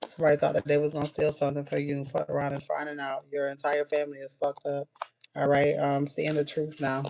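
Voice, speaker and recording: Woman, spiritual reader, flat delivery, clear noise and keyboard clicks behind her. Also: deep voice. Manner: rapid-fire blunt messages, frequent "all right" and cursing. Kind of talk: casual intuitive reading to viewers.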